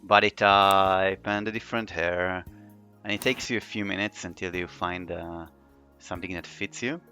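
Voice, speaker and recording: Deep-voiced male game master. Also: moderate pace, soft background music. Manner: relaxed, filler-heavy narration. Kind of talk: narrating a tabletop game.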